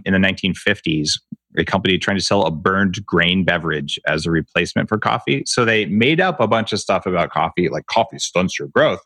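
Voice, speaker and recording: A man's voice: deep voice, a bit bright, no room sound. A man talking emphatically in an interview, ranting with rhetorical questions. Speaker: guest expert on health. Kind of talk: animated interview talk.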